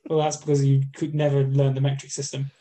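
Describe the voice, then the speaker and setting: A man's voice: mid-range voice, monotone, quick pace, dark tone. A man co-hosting a podcast in casual chat, joking and swearing casually. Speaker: podcast co-host.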